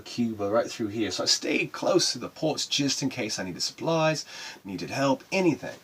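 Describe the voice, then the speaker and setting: Male actor doing a foul-mouthed sailor spinning a sea tale, raspy voice that swings up and down, rambling and emotional. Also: medium pitch. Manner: profane, rambling and emotional storytelling. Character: rough-talking male sailor recounting a solo voyage. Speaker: actor performing a monologue. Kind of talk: dramatic monologue.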